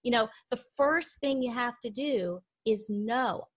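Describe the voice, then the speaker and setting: A woman's voice: on the high side, measured pace, few pauses, husky. A woman guest in a conversational interview, talking with animation and acting out the inner voices of her examples.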